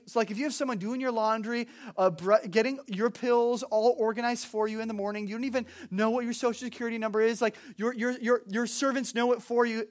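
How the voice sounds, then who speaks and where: A man with a high voice delivers a casual storytelling sermon. He is animated and slangy, and he fills his retelling with quick asides and stumbling repeats.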